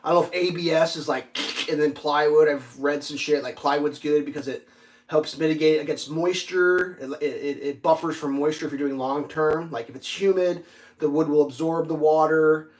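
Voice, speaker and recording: Man, high voice, casual livestream chat, rambling, swears a lot, lots of likes and you-knows. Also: moderate pace. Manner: rambling, profane storytelling with lots of fillers. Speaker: livestream host.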